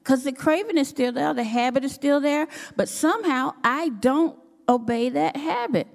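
A woman sharing a testimony at church, telling her story with animated, expressive delivery. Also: normal speed, creaky. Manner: expressive, acts out her own quotes with sudden pitch jumps. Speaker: church speaker giving a testimony. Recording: long hall reverb.

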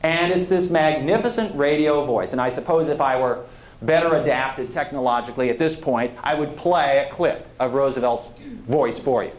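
A man's voice: medium pitch, moderate pace. A man giving a conversational history lecture, digressing now and then and putting questions to his audience. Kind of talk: public lecture. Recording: roomy lecture hall.

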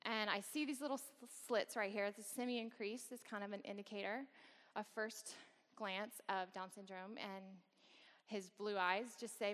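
A woman's voice: medium pitch, steady tone, normal speed, fairly bright tone. A woman guest speaker at a campus worship service, telling a personal story candidly with wry, self-deprecating humor. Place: large worship hall. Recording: long reverb of a large hall.

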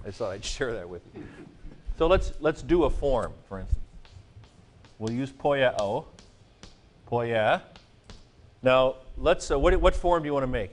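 A man's voice: mid-range voice, slight background noise. Playful male seminary Greek lecturer. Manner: playful, joking, chanting mnemonics. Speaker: Greek professor. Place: classroom.

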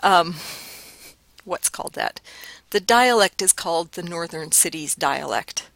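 A woman's voice: lowish voice, animated, a little slow, creaky, fairly bright tone, dry recording. Casual woman lecturing on linguistics. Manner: casual, explanatory, with fillers. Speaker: linguistics instructor. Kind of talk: recorded lecture.

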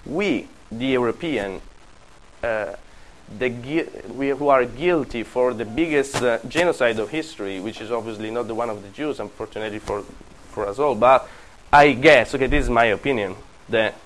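A man from Italy, lecturing a class in a halting way, often restarting his sentences. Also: medium pitch, fairly bright tone, slight background noise, poor audio. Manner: halting, with frequent restarts and fillers.

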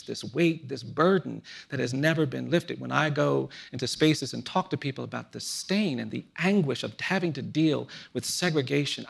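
A man in his fifties speaking earnestly in a reflective conversation, telling personal stories in a measured way that often drops to a hushed, low voice. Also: creaky, slightly rough. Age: 50s. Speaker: guest speaker.

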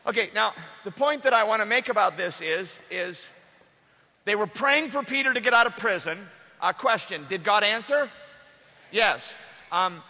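A male pastor preaching a lively sermon, acting out the story and drawing the congregation in. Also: sits high, moderate pace. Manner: animated, acts out the story with the congregation. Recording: echoey hall.

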